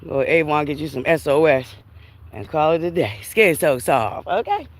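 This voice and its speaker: Chatty woman on a lively walk. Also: deep voice, normal speed. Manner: chatty, animated, laughs often, talks to viewers as Buttercups. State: a bit winded from walking in the heat. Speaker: livestream host. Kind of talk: casual walking livestream chat. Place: outdoors on a walk by a river.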